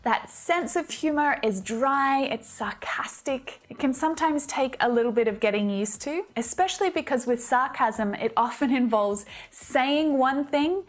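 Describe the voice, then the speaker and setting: A woman with an Australian accent, giving an upbeat, scripted English lesson and explaining things clearly. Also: on the high side. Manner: upbeat and explanatory, with light laughs. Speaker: English teacher.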